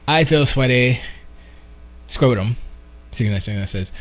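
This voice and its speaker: A man's voice: mid-range voice, animated, a little fast, long pauses. A man co-hosting a gaming podcast in casual comedic chat, joking around and acting out quotes in silly voices. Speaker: podcast co-host.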